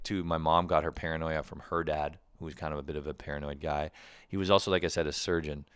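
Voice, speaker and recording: A Canadian man hosting his own show, talking in a casual comedic monologue, animated and swearing, laughing often. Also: a bass voice, smooth, no room sound. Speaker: podcast host.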